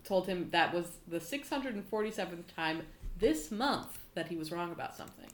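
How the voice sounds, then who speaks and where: A woman who is a guest on a comedy podcast, telling jokes in a deadpan, playful way. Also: lowish voice, normal speed, slight background noise. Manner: deadpan, jokey storytelling. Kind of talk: casual comedy podcast chat.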